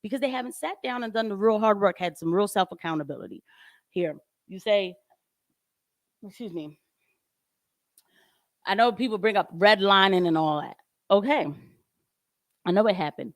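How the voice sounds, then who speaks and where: Woman streamer, casual commentary, animated and emphatic, dry close home mic, mid pitch. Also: moderate pace, pauses often, dry recording. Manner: animated, emphatic, laughs often. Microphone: home microphone with audio trouble.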